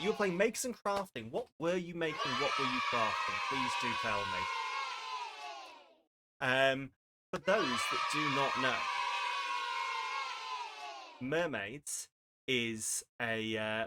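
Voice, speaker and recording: A man's voice: a little high, very noisy. A young man chatting casually on a charity live stream, rambling and self-deprecating. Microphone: desk microphone.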